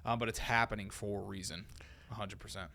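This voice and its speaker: A man's voice: lowish voice, fairly even intonation, a little fast, creaky. A man co-hosting a podcast, chatting casually and praising his partner effusively. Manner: warm affirming, effusive praise. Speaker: podcast co-host.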